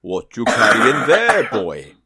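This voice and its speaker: A man voicing a gruff male whale in a low, slow, put-on mock Welsh accent. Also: huge pitch swings, sharp tone, no room sound, clean studio sound, exaggerated voice. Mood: folksy.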